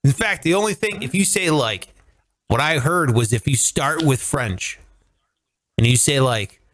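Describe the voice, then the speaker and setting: An American man hosting a comedy podcast, chatting casually and animatedly, swearing freely and jumping into silly high voices when he quotes people. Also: animated, a little slow, a bit bright, dry recording. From United States. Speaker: podcast host.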